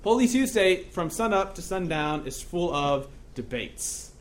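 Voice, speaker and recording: Brief: male pastor, casual humorous sermon delivery, bit of a high voice, faint noise behind. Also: unhurried. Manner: joking, conversational, checks in with "right?".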